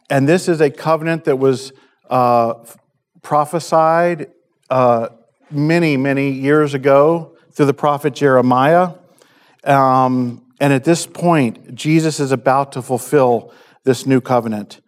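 A male pastor delivers a sermon at a measured, halting pace. He pauses often and leans on filler sounds as he works through his points. His voice sits at an ordinary middle pitch. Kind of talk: sermon and prayer.

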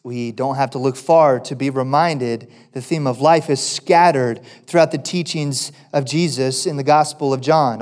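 A pastor giving a sermon, preaching emphatically and asking his listeners rhetorical questions, now loud, now quiet. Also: medium pitch, normal speed, hardly any pauses.

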